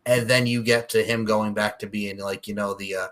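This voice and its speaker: A man hosting a wrestling podcast in casual chat, animated and profane, recalling things like a longtime fan. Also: lowish voice, moderate pace. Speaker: podcast host.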